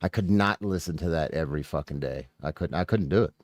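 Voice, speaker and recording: A man's voice: extremely low pitch, fast talker, darkish tone, dry recording, studio quality. A man streaming a profane, blunt reaction commentary, mocking what he hears and swearing freely. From United States.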